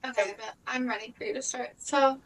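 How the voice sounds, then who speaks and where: A woman's voice: on the high side, steady tone, fairly quick, far from the mic, poor audio. Chatty young woman podcast co-host. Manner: chatty, lots of "like", frank and swearing. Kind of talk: casual chat.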